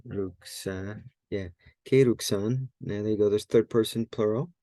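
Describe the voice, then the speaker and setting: A man's voice: lowish voice, steady tone, normal speed, warm tone, no room sound. A man teaching a Greek grammar lesson in a casual, think-aloud way, often correcting himself and using many fillers. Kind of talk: casual screen-share lesson.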